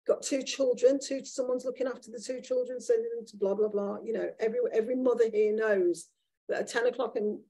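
A woman author at a live event, candidly telling a self-deprecating story from her own life in a lively, conversational way. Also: mid-range voice, vocal fry, slightly rough, rough recording. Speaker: author guest at a live talk. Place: event room with an audience.

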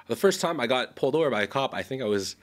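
A man's voice: medium pitch, lively intonation, racing. A young man telling a long story in a casual podcast chat, rambling and correcting himself. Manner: rambling, self-correcting, laughs often. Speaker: podcast co-host.

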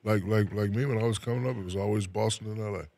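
His voice sits on the low side, a little mellow, with a steady tone and quick pace, and there's no room sound. The speaker, a retired New Jersey basketball player, chats casually in an interview, relaxed, repeating words as sentences begin.

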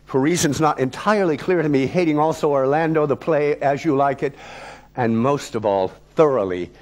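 A man in his sixties, an actor and lecturer, telling a story from his childhood in a vivid, wry, theatrical way. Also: normal speed. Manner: dramatic, vivid, wry delivery with big swings in pitch and loudness.

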